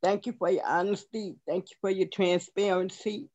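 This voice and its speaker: A woman's voice: mid-range voice, steady tone, normal speed, darkish tone, muffled recording. A woman in a group meeting giving an earnest, tearful thank-you speech. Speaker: meeting participant.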